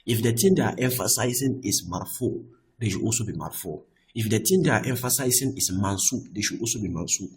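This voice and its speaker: A man teaching Arabic grammar, often repeating himself and checking with "I hope that is clear.". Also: fairly low pitch, expressive, brisk, rough recording. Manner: restarts and repeats words often. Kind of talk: explaining Arabic grammar on screen.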